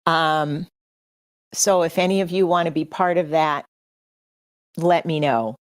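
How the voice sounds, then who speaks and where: A woman's voice: sits low, fairly even intonation, a little slow, no room sound, studio quality. A middle-aged woman hosting a livestream, speaking earnestly and personally to her audience. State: choked up with emotion. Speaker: podcast host.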